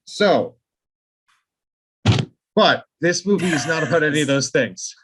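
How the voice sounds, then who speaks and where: A man co-hosting a podcast, talking casually in a rambling, profane, animated way, full of asides. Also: on the high side, unhurried, husky. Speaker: podcast co-host.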